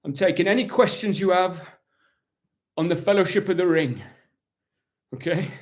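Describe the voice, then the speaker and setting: A man's voice: high voice, moderate pace, lightly acted. A man doing an impression of a proud, weary warrior-captain, talking in a rambling, self-justifying, dryly mock-solemn way during a live question session. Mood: chatty. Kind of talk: live-stream in-character Q&A.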